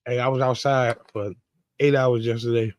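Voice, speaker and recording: A man co-hosting a podcast, telling a story in casual chat, animated and indignant, swearing freely. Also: mid-range voice, normal speed, no echo. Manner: animated, indignant, heavy profanity. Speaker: podcast co-host.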